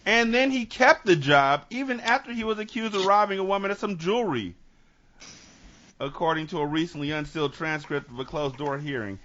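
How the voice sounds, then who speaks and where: A man's voice: fairly high pitch, lively intonation, a little fast, fairly bright tone, lo-fi sound, a little hiss or hum. A man hosting a podcast, reading out a news story in casual chat and breaking in with jokey asides. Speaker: podcast host.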